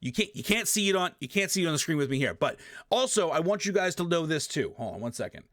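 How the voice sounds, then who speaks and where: A man with a fairly high voice talks quickly in a dry, clean studio-quality recording. He's a streamer at his home gaming setup giving a casual, emphatic tutorial, swearing, repeating himself, and adding animated sound effects. He often turns away from his desk microphone as he talks past it.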